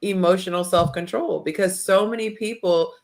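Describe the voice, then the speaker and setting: Female podcast host, mid-pitched, animated storyteller who acts out her quotes. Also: normal speed. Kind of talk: casual panel chat.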